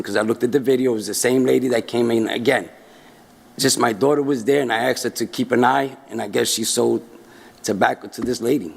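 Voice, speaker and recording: Gravelly husky man in an echoing chamber. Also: mid-range voice. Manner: earnest, repetitive explaining. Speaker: store employee addressing board. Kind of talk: public comment at hearing. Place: city council chamber.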